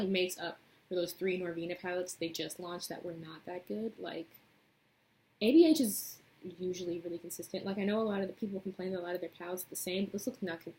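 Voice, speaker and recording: A woman's voice: fairly low pitch, creaky, a little mellow, a little hiss or hum, rough recording. A young woman vlogger chatting casually as she retells a movie plot and does her makeup, rambling with lots of fillers. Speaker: beauty vlogger.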